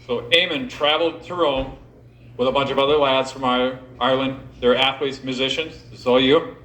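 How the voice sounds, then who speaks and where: A man's voice: mid-range voice, steady tone, brisk, fairly bright tone. A man giving an informal, jokey historical talk to a live audience at a pub event, directing volunteers as he goes. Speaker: event speaker. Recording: echoey room recording.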